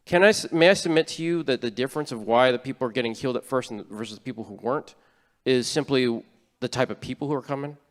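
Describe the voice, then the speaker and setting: A man's voice: mid-range voice, fast, long reverb tail. A man preaching a sermon as a church elder, in an earnest, conversational way with frequent restarts. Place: church sanctuary.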